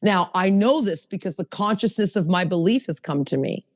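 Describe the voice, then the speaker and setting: Animated woman telling recovery stories. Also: mid-range voice, moderate pace, no room sound, big-room sound. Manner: animated storytelling with acted quotes. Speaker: podcast co-host. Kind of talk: casual recovery podcast talk.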